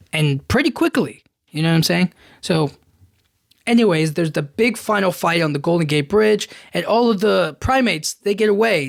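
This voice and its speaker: A man's voice: a little high, creaky, dry recording, studio quality. A man hosting a podcast, casually retelling a movie plot in a rambling way full of fillers. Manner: rambling, filler-heavy retelling with frequent "you know what I mean". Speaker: podcast host. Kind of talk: casual film recap.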